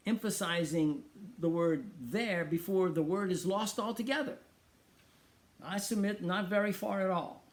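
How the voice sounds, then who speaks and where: A middle-aged man hosts a talk show in a high voice. He preaches emphatically and asks rhetorical question after question. He often repeats key phrases for weight. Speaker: radio show host. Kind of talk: preaching monologue.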